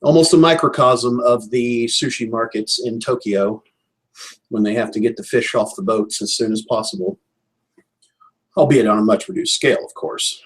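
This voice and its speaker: A man with a husky, breathy voice narrates as game master, painting scenes in a measured, descriptive way. His pitch sits mid-range for a man. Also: low-quality recording.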